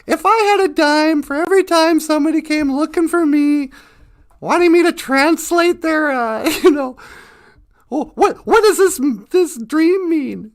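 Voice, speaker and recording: A woman's voice: sits high, unhurried. A woman voicing a self-mocking, chatty male eagle spirit who acts as a messenger for prayers. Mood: wry.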